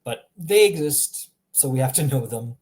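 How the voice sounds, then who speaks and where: A man's voice: medium pitch, animated, moderate pace, a little mellow. A man giving a casual recorded language lesson, chatty and repetitive, often laughing at himself. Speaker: language teacher.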